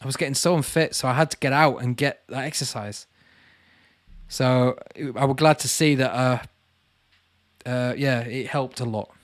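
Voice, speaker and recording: At a moderate pace and medium pitch, a channel host chats casually with his livestream audience, reading comments aloud and calling viewers "mate." There's no echo on the recording.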